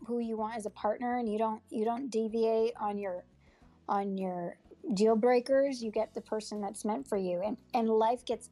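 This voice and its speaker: In an audio chat room, an actress who also coaches acting talks as an interview guest over an audio chat app. Her mid-range, slightly mellow voice carries heartfelt, earnest rambling full of fillers and restarts, and she's nearly in tears.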